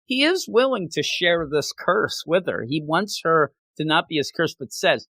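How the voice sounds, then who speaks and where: A man's voice: fairly high pitch, big pitch swings, normal speed, sharp tone, dry recording. A man hosting a manga review podcast in casual chat. He talks with animation and often slips into quoting characters.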